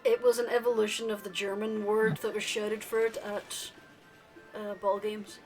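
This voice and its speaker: A woman's voice: medium pitch, little pitch movement, moderate pace, darkish tone, soft background music, low-quality recording. A woman playing a tabletop game, chatting playfully with the group. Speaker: player. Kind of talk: casual tabletop role-play.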